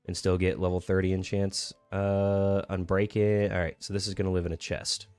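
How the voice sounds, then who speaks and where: A young man with a lowish voice chats loosely while he plays, rambling with lots of fillers and restarts. The sound is dry and close, with faint music underneath. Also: little pitch movement, normal speed, darkish tone, smooth, no room sound. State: hiccuping. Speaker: streamer. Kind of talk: casual gaming stream chat.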